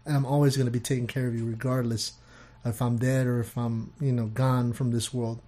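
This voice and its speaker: A man's voice: medium pitch, level tone, fairly quick, mellow. A man in his thirties, co-hosting a podcast, telling family stories in a loose way with swearing. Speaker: podcast co-host. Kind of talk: casual chat.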